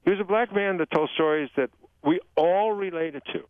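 An older man, a guest author, telling jokes and talking about humor in a radio interview, animated and given to slipping into voices. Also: high-pitched, normal speed, no echo. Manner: animated storyteller, jumps into joke voices. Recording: dry tinny radio phone-line sound.

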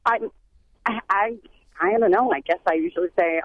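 A woman's voice: medium pitch, moderate pace, no room sound. Hesitant female caller on a dull line. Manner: hesitant, unsure. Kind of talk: radio call-in. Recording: dull phone-line sound.

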